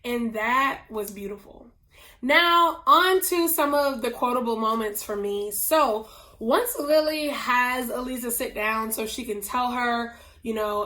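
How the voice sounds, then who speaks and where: A woman giving a casual book review, telling it in an earnest, personal way with quick asides. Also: a little high, sharp tone.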